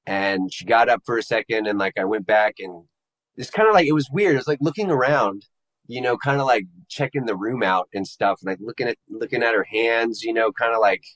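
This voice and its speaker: A man with a fairly low voice recounts a personal experience to an interviewer. His delivery is conversational and halting, and he pauses and restarts as he searches for the right words. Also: fairly bright tone, rough recording. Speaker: interview guest. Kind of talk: personal testimony in casual conversation.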